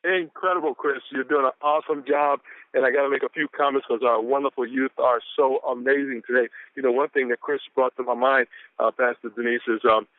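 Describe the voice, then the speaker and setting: On a motivational conference call, an Atlanta, Georgia man reads out quotes of the day with preachy exuberance, whooping and saying lines twice. He has a medium-pitched, steady voice and speaks fairly quickly. It's a dry phone-line recording made on a phone.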